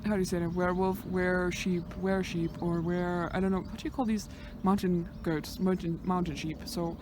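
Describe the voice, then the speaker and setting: A woman vlogging on a hike outdoors, chatting nervously into a handheld camera and swinging between whispers and loud exclamations. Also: on the low side, steady tone, a little fast, background noise. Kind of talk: casual vlog narration while hiking. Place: outdoors on a hillside near fenced fields.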